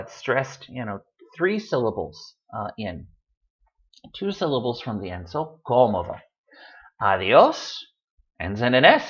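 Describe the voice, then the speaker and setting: Guy tutoring a language class, pitch jumps around a lot, patient, says words slow, muffled lo-fi sound. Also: fairly bright tone. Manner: patient, explanatory, repeats words slowly for emphasis. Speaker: Spanish tutor. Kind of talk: online language lesson. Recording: dull lo-fi audio.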